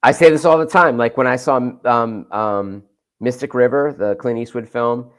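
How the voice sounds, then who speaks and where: A man's voice: mid-range voice, normal speed. A man in casual chat, rambling and searching for his words as he makes a point. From Boston area.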